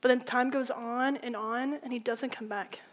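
A woman preaching a sermon in a casual, animated storytelling way, full of "like", swinging between loud and hushed. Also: on the high side, moderate pace. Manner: informal, with frequent "like".

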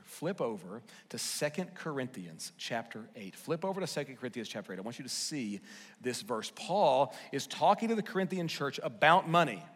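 Pastor preaching in an echoing hall. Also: male voice, a little high. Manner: swings between loud emphatic lines and hushed quiet ones. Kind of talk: sermon. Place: church sanctuary.

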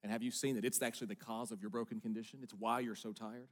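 A middle-aged man preaching a sermon in an earnest voice, moving between hushed, quiet lines and emphatic ones. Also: fairly low pitch, fairly even intonation, quick pace. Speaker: pastor.

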